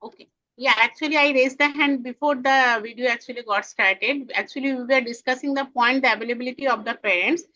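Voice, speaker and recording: A woman trainee teacher, asking a hesitant question full of fillers. Her voice is bright and slightly high, and it comes through dull, lo-fi call audio. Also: steady tone, brisk.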